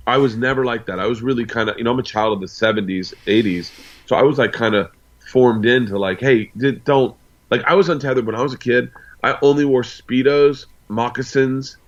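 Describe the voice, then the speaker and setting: An American man in his forties, a guest on an interview show, tells rambling anecdotes packed with asides. His voice is medium-pitched, and the recording has its highs cut off.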